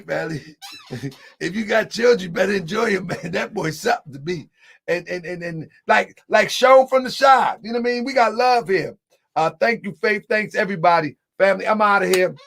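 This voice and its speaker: A man's voice: high-pitched, brisk, vocal fry, fairly bright tone. A man hosting an online show, talking casually to viewers he calls family and laughing often. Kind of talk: casual livestream talk.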